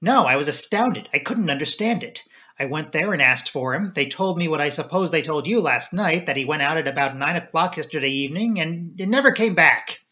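A man's voice: on the high side, expressive, fairly quick, pushed and bright. A man voicing a young woman who is earnest, resolute and defiant, in an audiobook reading. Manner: pleading, insistent.

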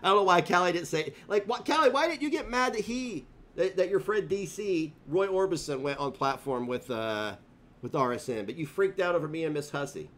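A man's voice: fairly high pitch, lively intonation, fairly quick, fairly bright tone. A male live streamer delivering a profane, confrontational rant full of taunts. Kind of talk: livestream rant.

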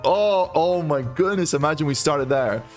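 Excitable young man calling casino bets. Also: a little high, moderate pace, soft background music. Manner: excitable, shouts and laughs at wins, counts numbers aloud. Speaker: online casino streamer. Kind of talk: live gambling commentary.

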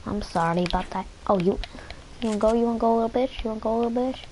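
A woman's voice: fairly high pitch, quick pace, noisy background. A woman giving casual, profane commentary while streaming a game, trash-talking and repeating herself. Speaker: gaming streamer.

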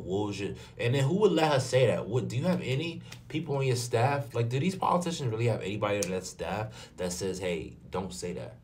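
A man from New York giving an indignant, animated commentary rant. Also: fairly low pitch, a little hiss or hum. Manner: indignant, rhetorical questions, animated. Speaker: commentary vlogger. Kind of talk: ranting commentary. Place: in front of a green screen.

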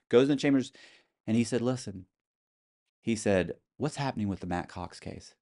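A man's voice: fairly low pitch, moderate pace. A man telling a long story as an interview guest, acting out the people he quotes and swearing freely.

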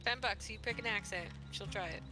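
A woman's voice: medium pitch, brisk, pushed and bright, faint music behind. A woman teammate teasing the streamer and laughing during a game. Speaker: gaming teammate. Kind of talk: casual gaming chat.

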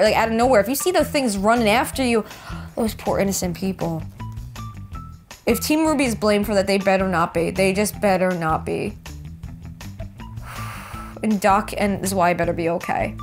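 A young woman hosting an anime reaction video, gasping, squealing and repeating herself as she comments. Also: medium pitch.

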